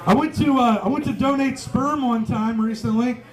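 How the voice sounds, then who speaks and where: A man's voice: very high-pitched, normal speed. A man doing a stand-up set on a pub stage, swearing freely and chuckling at his own jokes. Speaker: stand-up comedian. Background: faint live audience.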